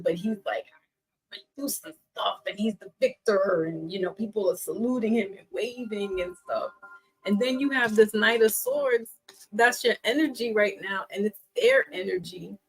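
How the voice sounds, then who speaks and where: A woman's voice: medium pitch, moderate pace, slightly rough, poor audio. A woman giving a casual tarot reading, chatty and teasing, laughing often as she talks. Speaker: tarot reader.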